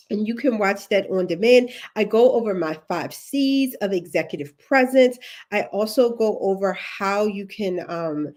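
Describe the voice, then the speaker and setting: A woman with a Baltimore accent giving a chatty, encouraging live-stream coaching talk to her viewers. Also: medium pitch. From Baltimore, United States. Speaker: leadership career coach.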